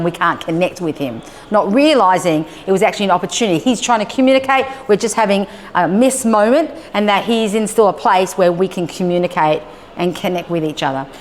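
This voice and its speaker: A woman presenter at a mid pitch talks to families gathered in a large hall. She tells her stories with lively, acted-out dialogue and keeps checking in with the room. The voice carries a long reverberant tail over a faint background hiss. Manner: lively storyteller who acts out dialogue and checks in with listeners. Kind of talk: live talk to homeschool families.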